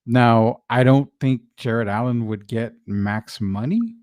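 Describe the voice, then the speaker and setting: A man hosting a casual sports talk show, chatting in a loose, drawn-out, questioning way. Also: mid-range voice, a little mellow, dry recording, clean studio sound. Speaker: sports podcast host.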